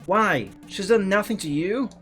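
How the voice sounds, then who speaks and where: Man reading a young witch, a touch higher. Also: lively intonation, a little slow, a bit bright, soft background music. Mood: defiant. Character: young woman witch, defiant.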